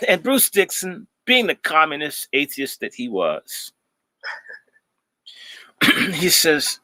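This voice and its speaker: Bright-voiced man telling stories. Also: high-pitched, takes it slowly, long pauses, dry recording. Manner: animated, jumps into mocking put-on voices. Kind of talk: casual storytelling talk.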